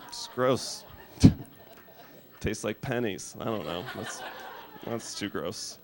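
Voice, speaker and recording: A man in his thirties doing a stand-up set in a studio, with dry, deadpan delivery and frequent restarts. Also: lowish voice, slow, gravelly, long pauses, a crowd in the background, noisy background. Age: 30s. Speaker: stand-up comedian. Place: music studio.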